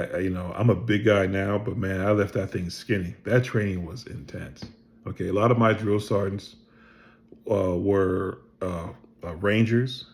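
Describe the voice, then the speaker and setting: Middle-aged male storyteller, low and gravelly, casual and animated, acts out quoted dialogue. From Pennsylvania. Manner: animated storyteller who acts out other people's lines, swears freely. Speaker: vlogger telling his life story.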